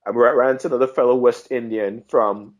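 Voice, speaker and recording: A man from Trinidad and Tobago, a podcast guest telling animated travel anecdotes and acting out the people he met. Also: medium pitch, a little fast, lo-fi sound. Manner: animated, acts out quoted voices. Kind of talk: casual storytelling chat.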